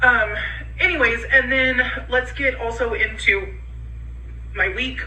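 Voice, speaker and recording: A tired woman talking in a casual home vlog, rambling and halting with many ums. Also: fairly high pitch, sharp tone, roomy sound, recorded from a distance, low-quality recording. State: tired, low on energy. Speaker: vlogger in a clip being reacted to.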